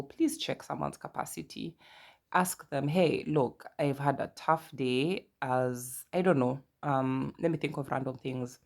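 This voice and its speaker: A woman from Kenya with a Kenyan accent, in her thirties, hosting a casual podcast and telling stories with lively asides. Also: low voice. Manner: chatty, animated storytelling with asides and quoted dialogue. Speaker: podcast host. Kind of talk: casual personal monologue.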